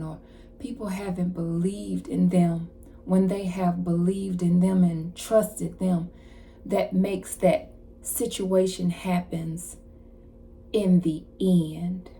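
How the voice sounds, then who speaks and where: A woman card reader giving a casual channeled message, retelling a story in an animated way with slang and asides. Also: on the low side, slight background noise.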